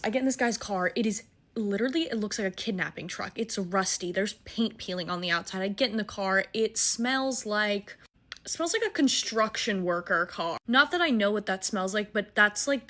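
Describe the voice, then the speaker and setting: A young adult woman telling a casual, animated and profane personal story, mocking herself as she goes. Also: mid-range voice. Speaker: storytime TikToker.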